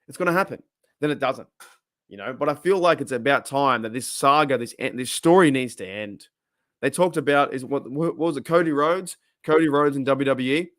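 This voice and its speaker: A man's voice: medium pitch, moderate pace, no room sound, studio quality. An Australian man hosting a casual live stream, rambling and chatting while reading viewers' comments aloud. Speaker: livestream host.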